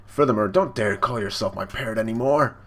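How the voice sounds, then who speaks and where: A man's voice: on the low side, brisk, a bit bright. A man voicing a defiant, hot-tempered young fighting cook while retelling a cartoon scene.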